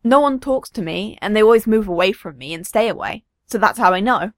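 A woman voicing a gentle little boy in a storybook reading, speaking in a plain, matter-of-fact, childlike way. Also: medium pitch, expressive, fairly quick, no room sound, studio quality, lightly acted. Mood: earnest. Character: earnest, gentle small boy.

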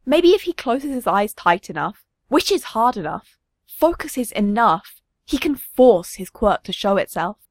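Woman storyteller, lively intonation, dry close recording. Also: on the high side, measured pace, no room sound. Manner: expressive, varied intonation. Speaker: narrator. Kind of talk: storybook narration.

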